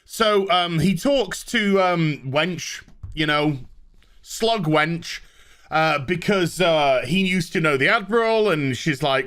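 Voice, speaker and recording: A man tearing into a TV episode with sarcastic, dismissive energy. His voice sits a little high, swings wildly in pitch and has a bright, forceful edge. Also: expressive, takes it slowly. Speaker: show reviewer. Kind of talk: ranting TV review.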